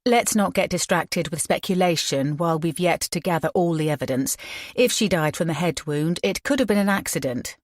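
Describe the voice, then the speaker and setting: A composed female detective, firm and measured, never raising her voice, as a woman narrator voices her. The low-pitched voice sits close and dry against the mic. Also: dry recording, close to an everyday voice.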